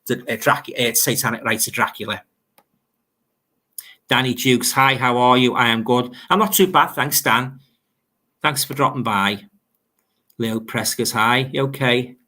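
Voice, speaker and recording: Unhurried, with long pauses, a man with a Liverpool accent chats on a livestream in a bright, forward, steady mid-range voice. His replies to viewer comments are loose and conversational, full of rambling and repeated words.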